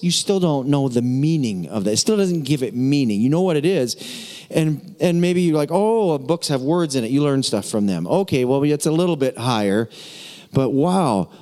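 A man's voice: a little high, lively intonation, moderate pace, dark tone. A man preaching a sermon as pastor, emphatic and repetitive, with casual asides to the congregation. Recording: long hall reverb.

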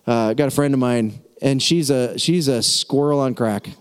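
A man preaching a sermon as pastor, lively and repetitive, drawing out words for emphasis. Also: medium pitch, normal speed, clean tone. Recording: long hall reverb.

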